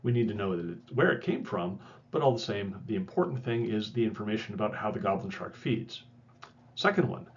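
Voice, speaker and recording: A man's voice: mid-range voice, a little mellow. Lo-fi male instructor, wry and chatty. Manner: conversational, self-correcting, wry asides. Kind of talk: recorded lecture.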